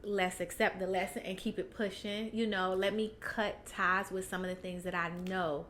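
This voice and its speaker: A woman's voice: medium pitch, flat delivery, normal speed, a bit bright, a little hiss or hum. A woman guest on a podcast, talking candidly with many fillers and restarts and laughing often. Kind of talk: candid personal chat.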